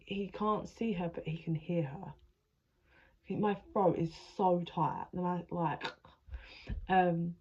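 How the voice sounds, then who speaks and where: This spiritual adviser's voice is lowish and dark, with vocal fry and a breathy edge, and the audio is dull. She delivers a channeled tarot reading in a meandering, emotional style, swearing liberally as she goes.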